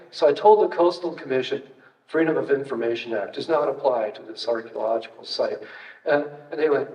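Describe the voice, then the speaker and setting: A man's voice: a little high, expressive, moderate pace. An older man, a retired archaeologist, giving a casual, anecdotal public talk with slides, full of fillers and wry asides. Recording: distant, roomy, dull hall recording.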